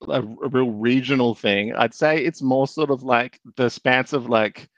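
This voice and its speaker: A man's voice: medium pitch, fairly even intonation, unhurried, no echo. Chatty Australian man, lo-fi mic. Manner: chatty, rambling, slips into impressions. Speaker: podcast guest. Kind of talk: casual podcast chat. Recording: slightly dull, lo-fi mic.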